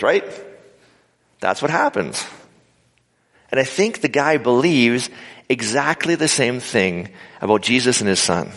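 A large hall full of live listeners hears a man give an informal sermon, dramatizing quotes and adding humorous asides. His voice is mid-range, very animated and slightly bright, delivered unhurriedly with long pauses, and the live recording is reverberant.

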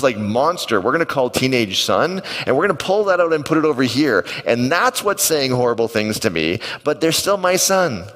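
A man's voice: mid-range voice, fairly bright tone. A man preaching a sermon as pastor, telling stories in a conversational way and putting questions to the congregation. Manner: conversational storytelling with asides to the congregation. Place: church auditorium. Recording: long hall reverb.

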